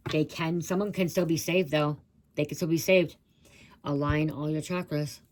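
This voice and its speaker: A woman's voice: low voice, steady tone, normal speed, noisy background. A woman giving a rambling channeled psychic reading, blurting out words she hears and swearing casually. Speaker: psychic reader.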